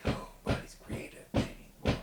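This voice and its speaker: A man's voice: moderate pace, a little hiss or hum. A young man co-hosting a casual podcast, rambling and ranting, laughing often. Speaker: podcast co-host. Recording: roomy echo.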